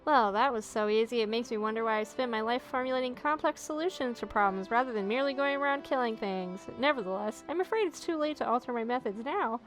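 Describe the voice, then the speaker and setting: A woman reading aloud the lines of a self-satisfied male scholar in a game, slightly higher than her own voice. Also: fast talker, hardly any pauses, faint music behind, natural voice, low-quality recording. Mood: smug.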